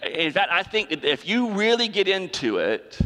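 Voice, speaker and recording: A man's voice: high-pitched, very animated, normal speed, pushed and bright. A male pastor preaching a sermon, driving points home with repetition and rhetorical questions. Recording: long hall reverb.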